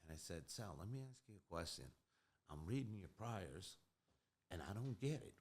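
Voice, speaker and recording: A man telling a prison story in casual chat, animated and laughing as it builds. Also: on the low side, moderate pace, breathy edge. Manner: animated, laughs through his own story. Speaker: guest, former prisoner.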